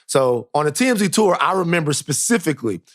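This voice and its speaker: Animated male podcast co-host. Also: a little high, quick pace. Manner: animated storyteller, repeats phrases for emphasis. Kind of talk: casual chat, animated storytelling.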